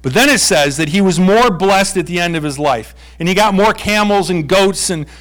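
A man delivering a sermon in a light, playful manner. His voice sits a little higher than most men's, and he slips into quick acted exchanges between characters. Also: lively intonation, fairly bright tone. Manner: playful, acts out voices of God and Job. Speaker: preacher.

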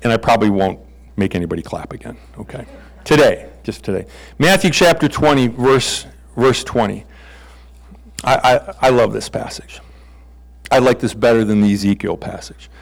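A man's voice: medium pitch, animated, moderate pace, vocal fry, poor audio. A middle-aged male pastor giving a conversational sermon, playfully acting out bible characters in comic voices.

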